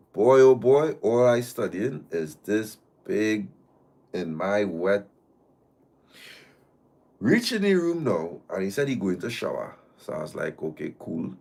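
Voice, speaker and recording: A man reads a listener's story aloud on a live stream, speaking as its first-person teller. His voice sits low, yet his pitch leaps and swings widely from line to line. He keeps breaking off to tease the listener. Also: gravelly. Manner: animated reading in the first person, with teasing asides.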